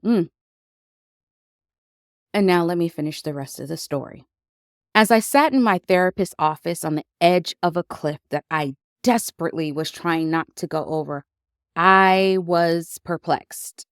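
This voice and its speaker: Woman podcast host, lowish voice, unhurried confessional storytelling, dry close sound. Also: no echo. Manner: reflective and unhurried, with emotional emphasis.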